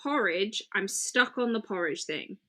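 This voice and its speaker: A tired young woman co-hosting a casual true-crime podcast, firing off quick joking questions. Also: mid-range voice, lively intonation, sharp tone. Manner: quick questions, jokey, interrupts. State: tired, yawning. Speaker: podcast co-host.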